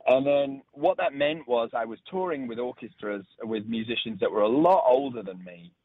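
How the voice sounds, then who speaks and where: A man's voice: medium pitch, normal speed. Northern English man on a phone line. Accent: northern English, Leeds. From England. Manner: relaxed storytelling with restarts. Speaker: guest. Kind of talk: casual radio interview.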